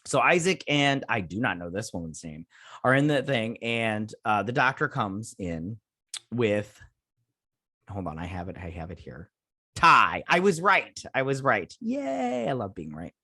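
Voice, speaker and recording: A man's voice: lowish voice, sing-song, a little slow, pushed and bright, husky, dry recording, clean studio sound. Rambling male TV recap host. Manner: rambling, with many fillers and restarts. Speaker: host of a TV review channel. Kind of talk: casual episode recap.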